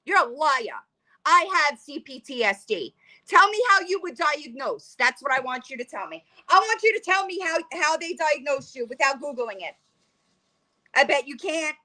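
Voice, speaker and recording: A woman's voice: sits high, sing-song, moderate pace, bright, forceful tone. A woman ranting angrily in a reaction vlog, heated and profane, confronting someone directly. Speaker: commentary vlogger. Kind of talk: angry reaction rant.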